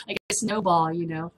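A woman's voice: fairly low pitch, fairly bright tone, low-quality recording. A middle-aged woman hosting a casual video blog, rambling to the camera with frequent laughter. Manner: chatty, laughs often, drifts between topics. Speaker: vlog host.

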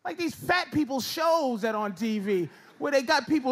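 A man doing a stand-up comedy set on stage, ranting loudly with shouted bursts. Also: extremely high pitch, animated, normal speed, few pauses. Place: comedy stage before a live audience. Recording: live show with loud crowd noise. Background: audience laughter.

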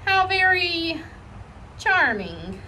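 A woman's voice: very high-pitched, sing-song, drawn-out words, sharp tone, a little hiss or hum, pitched above the performer's own voice, exaggerated voice. A woman voicing a prim, stiff grandmother who speaks in a clipped, polite way.

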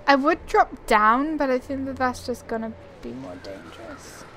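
A woman's voice: high voice, moderate pace, fairly bright tone, slight background noise. A young woman chatting casually as she plays a survival video game, rambling and thinking aloud at her computer. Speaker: gaming channel host. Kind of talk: casual gameplay commentary.

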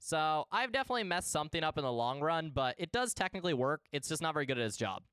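A man's voice: on the high side, very animated, fast talker, a bit bright, clean tone, no echo, clean studio sound. A young man streaming a game live, chatting casually and playfully with his viewers and greeting them in bursts.

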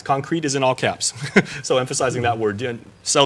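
A man from Guam hosting a televised political talk show, moderating questions in a brisk, upbeat way. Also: mid-range voice, a little hiss or hum.

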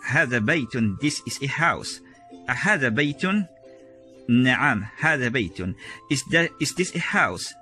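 A man with a bright, sharp-edged voice gives a casual video lesson. He explains step by step and says each word slowly and with care before he translates it. Soft music plays faintly behind him. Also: mid-range voice, expressive. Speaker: Arabic teacher.

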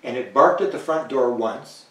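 A man's voice: medium pitch, normal speed. A man being interviewed, spinning a long story with energy and voicing the other people in it. His voice sits mid-range and comes from a little way off the mic. The room is echoey and bounces the sound back. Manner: animated, chuckling, acts out quoted dialogue. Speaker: interview guest. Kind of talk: anecdotal storytelling in conversation. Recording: roomy, distant mic.

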